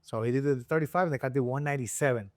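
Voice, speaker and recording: A man from Rico, a guest and engine builder telling a story in a casual interview, acting out the people he quotes with sudden high voices. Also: racing, no echo, studio quality. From Puerto Rico. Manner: animated storyteller who acts out quoted people with jumps in pitch.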